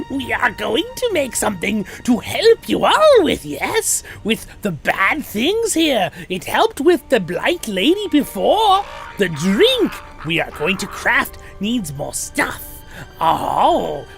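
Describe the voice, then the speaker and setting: A man's voice: very high voice, gravelly, fairly bright tone, pitched above the performer's own voice, exaggerated voice. A man voicing a creepy little male goblin who speaks in broken, childlike phrases. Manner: broken, childlike phrasing with odd sing-song leaps. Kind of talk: voice acting a game character on a livestream.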